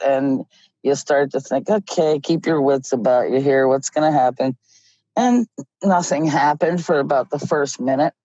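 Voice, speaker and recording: Slow, low-voiced woman telling a story. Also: dry recording. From Ohio. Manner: slow, animated storyteller who laughs often. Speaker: guest. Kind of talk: casual storytelling. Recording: dull lo-fi audio.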